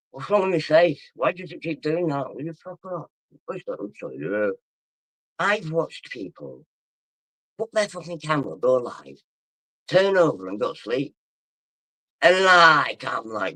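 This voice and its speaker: A man's voice: fairly high pitch, pushed and bright, dry recording. A drunk man rambling and swearing as he chats on a livestream and reads out comments. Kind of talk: casual livestream chat, reading comments.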